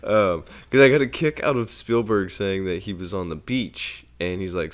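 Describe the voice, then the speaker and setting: A man's voice: sits low, normal speed, hardly any pauses. A man co-hosting a film podcast, rambling and hesitant with lots of fillers. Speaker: podcast co-host. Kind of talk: casual chat.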